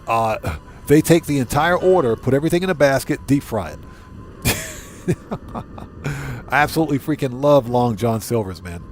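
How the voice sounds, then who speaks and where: A man's voice: mid-range voice, darkish tone, a little hiss or hum. A man livestreaming a video game, chatting casually with viewers and repeating himself for emphasis. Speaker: streamer.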